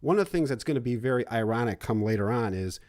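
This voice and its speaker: A man hosting a casual interview, speaking haltingly with lots of fillers and restarts. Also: medium pitch, expressive, a little mellow. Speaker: podcast host.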